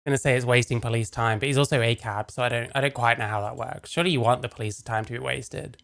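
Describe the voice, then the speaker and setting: A woman's voice: very deep voice, steady tone, quick pace, creaky. A woman streamer casually reacting to clips, sarcastic and swearing, laughing often.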